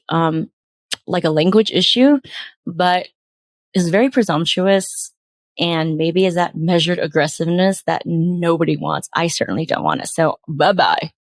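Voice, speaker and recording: A woman podcast host reading out bad pitches and critiquing them with exasperated, sarcastic commentary. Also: no room sound.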